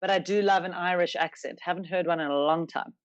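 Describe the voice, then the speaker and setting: A woman's voice: fairly low pitch, steady tone, quick pace, muffled recording. A South African woman comedian speaking as a guest in a casual interview, emphatic and given to stammered repeats and comic exaggeration.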